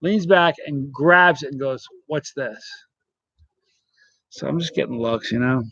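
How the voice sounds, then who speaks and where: A man's voice: medium pitch, normal speed, fairly bright tone, no echo, highs cut off. A middle-aged man hosting a casual live stream, chatting and rambling as he greets viewers by name. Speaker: channel host reading live chat.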